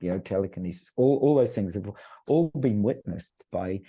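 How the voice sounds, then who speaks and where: A man's voice: lowish voice, lively intonation, moderate pace, warm tone, breathy edge. A middle-aged man, a podcast guest, talking in an earnest, rambling way with many restarts. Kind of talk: casual conversational storytelling.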